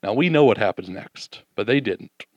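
A man preaching a sermon, reading scripture and acting out the disciples' doubts in an animated way, then dropping soft and slow to reflect. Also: lowish voice, dry recording, highs cut off.

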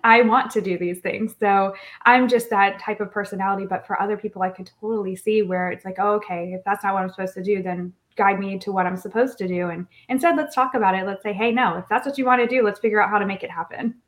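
A woman's voice: medium pitch, fast talker, hardly any pauses. A woman who is a hospitality researcher, speaking as a guest on an interview podcast in an enthusiastic way and laughing easily. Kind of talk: conversational interview.

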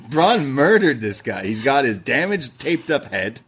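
Male podcast co-host, middle pitch, playful and reactive. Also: sing-song, a bit bright, breathy edge. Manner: jokey, chimes in with quick reactions and sound effects. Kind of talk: casual wrestling review chat.

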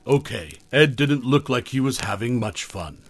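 A man tells a first-person horror story in a calm, even way, his voice at a middling pitch. The sound is close and dry, with no room around it. It has the steady pace of a podcast narration. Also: moderate pace, no echo.

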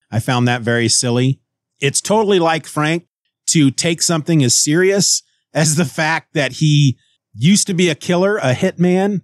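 A man casually recaps and reviews a comic book, animated and chuckling as he goes. His voice sits a little high, recorded close and dry with no room sound. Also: no room sound. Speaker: comic book podcast host.

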